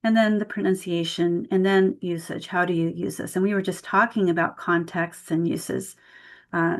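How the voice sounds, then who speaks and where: A woman leading an online workshop for tutors, explaining grammar with spoken example sentences over a video call mic. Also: fairly low pitch. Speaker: tutor trainer.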